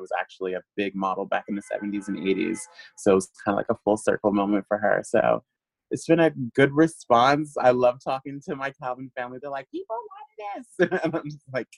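A man being interviewed, telling a long story in an animated way, laughing often and using lots of fillers. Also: fairly low pitch, vocal fry, no room sound, low-quality recording. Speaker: guest. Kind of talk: casual interview chat.

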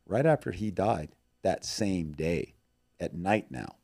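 A man telling an emotional story about serving on the front lines and then praying, earnest and heartfelt, moving between loud emphasis and hushed tones. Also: sits low, animated, slow, creaky, breathy edge. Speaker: missionary guest.

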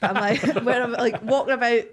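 A Glaswegian woman from Glasgow, Scotland, talks casually as a podcast guest, her voice high-ish and brisk. An actor and writer, she tells animated stories and performs the voices of the people she quotes.

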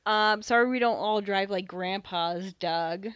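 A young woman co-hosting a podcast, telling a story in casual chat, animated, swearing freely and acting out dialogue. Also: mid-range voice, unhurried, clear, resonant tone, dry recording. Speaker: podcast co-host. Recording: slightly dull dry podcast mic.

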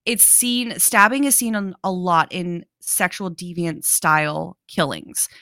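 Bright-voiced woman recapping a film. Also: lowish voice, unhurried, no echo, studio quality. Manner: explains at length, recounts scenes play-by-play. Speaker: podcast co-host. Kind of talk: casual movie discussion.

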